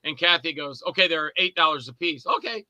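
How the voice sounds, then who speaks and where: A man talks casually on a podcast, winding through anecdotes and playing every part himself. His voice sits high and sounds sharp and bright. The sound is dry and close, with no room around it. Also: a little fast, no room sound. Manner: rambling storyteller who acts out both sides of conversations. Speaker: podcast guest, indie filmmaker and actor. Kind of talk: casual chat.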